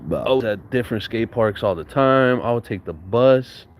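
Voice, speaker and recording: A man's voice: medium pitch, animated, moderate pace, slight background noise. A young man telling stories from his youth in a casual, slangy, profane way, acting out what people said. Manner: slangy, profane, laughs often, acts out quotes. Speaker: storyteller recounting his youth. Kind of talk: casual storytelling monologue.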